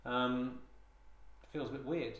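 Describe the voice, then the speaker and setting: Here the podcast host speaks slowly, his medium-pitched voice a bit bright and fairly even in intonation. He rambles through a comedic, mock-solemn monologue, often hesitating and starting over. The recording, made on a handheld digital recorder, sounds roomy and echoey.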